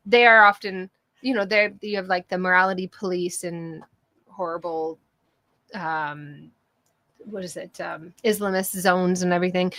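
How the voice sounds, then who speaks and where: A middle-aged woman co-hosts a casual political talk show. Her voice is bright and her sound is close and dry. She talks in an animated way and laughs a lot. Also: mid-range voice, no echo. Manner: animated, laughs often, swears. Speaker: co-host.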